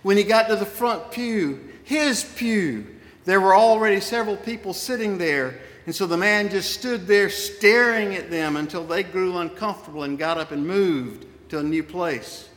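A man's voice: sits high, normal speed, fairly bright tone. A middle-aged male pastor preaching a sermon in a folksy storytelling way, with asides to his congregation. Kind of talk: sermon with personal stories. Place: church sanctuary. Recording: long reverb of a large church.

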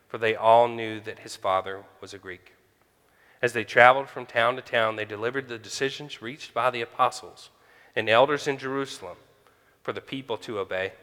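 A man preaching a conversational sermon as pastor, pausing often with fillers. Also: medium pitch, a bit bright, clean tone. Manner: conversational with frequent pauses and fillers. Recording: hall reverb.

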